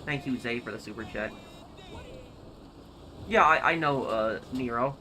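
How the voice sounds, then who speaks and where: A man's voice: mid-range voice, unhurried, bright, forceful tone, slight background noise. A young American man streaming a game live, reading chat and thinking aloud with hesitant, repeated starts. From United States.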